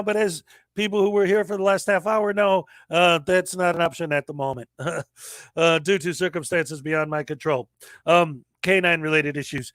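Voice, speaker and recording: Guy in his 40s hosting a stream, highish voice, dry close sound, chatty storyteller. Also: normal speed, no room sound. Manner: animated storyteller, acts out quoted voices. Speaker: livestream host. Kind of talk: casual storytelling chat.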